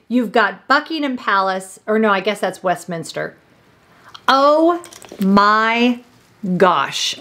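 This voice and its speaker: A woman's voice: medium pitch, a bit bright. A middle-aged woman, gushing and emotional as she unboxes gifts and talks to her viewers. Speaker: vlogger. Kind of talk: gift unboxing vlog.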